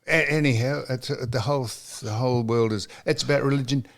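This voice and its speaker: An Australian man hosting a podcast, talking in a halting way with many restarts and pressing questions. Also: medium pitch, vocal fry. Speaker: podcast host. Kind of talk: casual chat.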